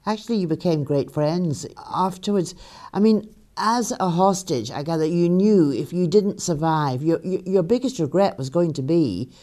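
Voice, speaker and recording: Low-voiced woman interviewer, gently probing. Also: normal speed. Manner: gently probing, leading the guest on. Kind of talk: radio-style interview questions.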